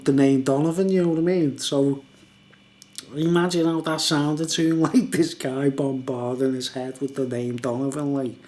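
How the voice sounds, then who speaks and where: Very laid-back, the vlogger meanders through his story with frequent laughter and repeated "you know what I mean"s. His voice runs on the high side and carries a warm tone.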